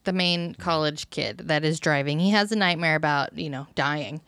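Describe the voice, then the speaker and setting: A woman in her thirties co-hosting a casual movie podcast, chatty and quick to laugh. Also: low voice, fairly bright tone, smooth, no echo, studio quality. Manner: giggly, chatty. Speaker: podcast co-host.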